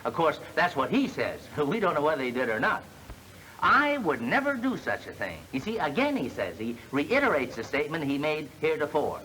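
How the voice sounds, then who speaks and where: A slick young salesman with a bright, lively voice that bounces all over. He talks glibly and cracks wise in old film-comedy style. His storytelling turns mock-solemn, and his voice sits a little high for a man. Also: fairly quick, poor audio. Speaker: fast-talking salesman. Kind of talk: 1930s film comedy acting.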